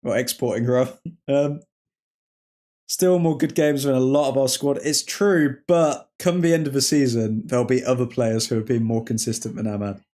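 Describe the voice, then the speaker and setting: Jokey English lad hosting a live stream. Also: male voice, medium pitch, steady tone, moderate pace, dark tone. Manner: jokey banter, laughs often, reads chat comments aloud. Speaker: livestream host. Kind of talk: casual live watchalong chat.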